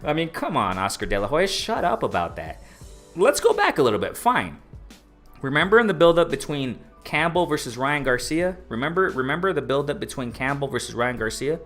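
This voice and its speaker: A man hosting a casual boxing live stream, ranting in an animated way and repeating phrases for emphasis. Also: mid-range voice, a little fast, faint music behind.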